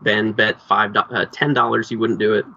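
A man's voice: lowish voice, level tone, a little fast, gravelly, pushed and bright, dull audio. A man co-hosting a podcast, chatting casually and teasing his co-hosts in a dry way. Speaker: podcast co-host. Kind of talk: casual chat.

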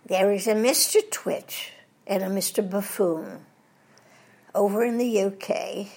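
Older woman, gravelly, husky, veteran voice actress, animated storyteller, interview guest. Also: mid-range voice, a little slow. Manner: lively anecdote teller, puts on British voices for jokes.

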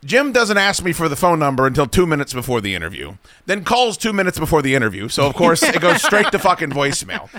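Lively, bright-voiced host on a profane rant. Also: male voice, fairly high pitch, quick pace, few pauses, no echo. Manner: profane, exasperated storytelling with acted-out quotes. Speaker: radio show host. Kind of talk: casual comic talk radio rant. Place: radio studio.

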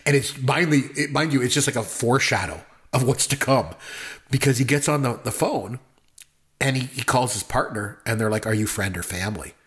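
A man's voice: medium pitch, moderate pace, fairly bright tone. A man co-hosting a casual movie talk, enthusiastic and rambling, with lots of fillers. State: married. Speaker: podcast co-host.

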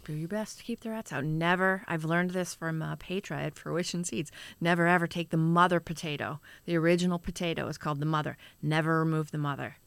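A woman guest in a live chat, playful and quick to joke while explaining growing tips. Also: sits low, steady tone, vocal fry, clear, resonant tone, dry recording. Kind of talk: casual livestream chat.

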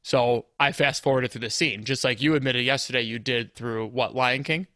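A man hosting a casual podcast chat, easygoing and agreeable, often pausing to find his words. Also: mid-range voice, steady tone, bright, forceful tone, no echo. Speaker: podcast host.

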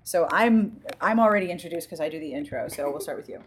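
A woman's voice: low voice, expressive, quick pace, slight background noise. A woman hosting a podcast, interviewing and chatting with enthusiasm. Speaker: podcast host. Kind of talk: casual podcast chat.

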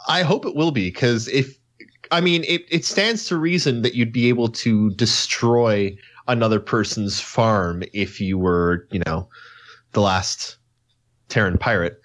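A man's voice: medium pitch, measured pace, a bit bright. A man co-hosting a casual group podcast, rambling a bit as he reads out audience questions. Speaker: podcast co-host.

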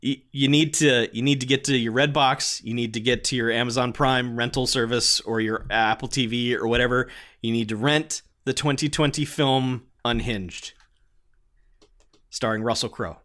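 A man's voice: medium pitch, steady tone, moderate pace, a bit bright. A man in a casual film review chat who talks animatedly, swears freely and acts out his own reactions.

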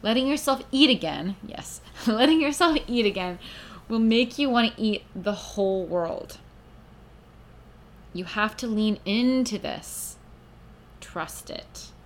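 A woman's voice: mid-range voice, a bit bright, a little hiss or hum. A young woman hosting a casual solo podcast, tired and rambling in a frank, scattered way. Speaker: podcast host.

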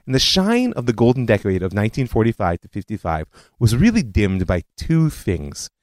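A man hosting a history podcast, telling it as a scripted lecture with animated storytelling and personal asides. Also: fairly low pitch, moderate pace, dry recording.

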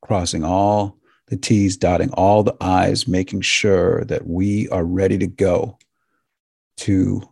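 A man hosting a talk show, speaking earnestly and emotionally to his listeners, halting and restarting as he goes. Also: low-pitched, flat delivery, creaky, darkish tone, husky, no echo, clean studio sound. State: tearing up. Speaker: podcast host. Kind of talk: heartfelt monologue to listeners.

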